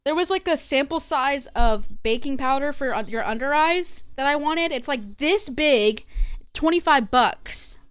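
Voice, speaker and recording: A woman's voice: high voice, unhurried, fairly bright tone. A young woman streamer chatting casually and gossiping, swearing freely as she talks. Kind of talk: casual live-stream chat.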